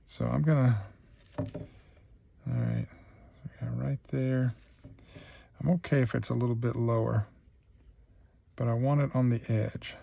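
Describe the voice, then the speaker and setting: Man, craft tutorial host, gravelly voice, talks himself through each step. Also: mid-range voice, steady tone, measured pace, long pauses, mellow, no echo. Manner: thinks aloud while working, easygoing and chatty. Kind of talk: real-time crafting tutorial chat.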